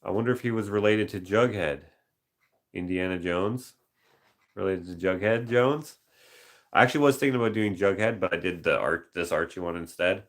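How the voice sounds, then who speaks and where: Low, gravelly-voiced man chatting casually. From Canada. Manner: muses aloud, drops into quick movie-quote voices. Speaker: painter reading viewer suggestions. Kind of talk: casual live-stream chat.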